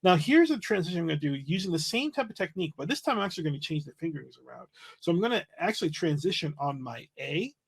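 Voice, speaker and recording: A man teaching a livestream flute lesson, explaining in a relaxed way and checking in with "right?" as he goes. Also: a little high, fast talker, vocal fry, husky.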